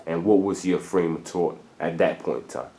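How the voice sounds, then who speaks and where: A man's voice: deep voice, normal speed. A man interviewing his guests in a casual chat, asking long rambling questions. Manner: relaxed, asks long rambling questions with "I'm saying".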